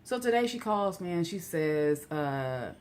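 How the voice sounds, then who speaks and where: Low-voiced woman telling a rambling story. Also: unhurried, slight background noise. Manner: chatty and rambling, full of "you know" asides; gets animated and incredulous when outraged. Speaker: vlogger. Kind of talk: casual storytelling rant.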